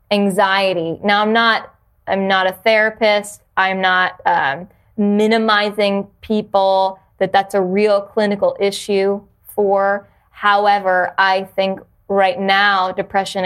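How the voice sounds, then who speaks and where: A woman's voice: medium pitch, clean tone. Earnest woman guest, reflective. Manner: earnest, reflective, with many restarts. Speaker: podcast guest, yoga teacher. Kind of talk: casual interview conversation.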